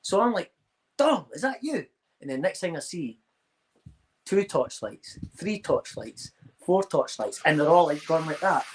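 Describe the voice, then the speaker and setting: Husky man telling a story. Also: on the high side, a little slow. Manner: swearing, animated anecdote-telling with acted quotes. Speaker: podcast host. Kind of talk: casual storytelling chat.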